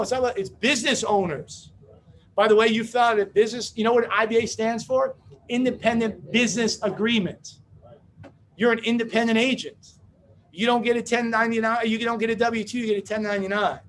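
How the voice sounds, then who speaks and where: Male seminar speaker, high voice, brash joking storyteller. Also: slight background noise. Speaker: business opportunity speaker. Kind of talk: motivational seminar talk.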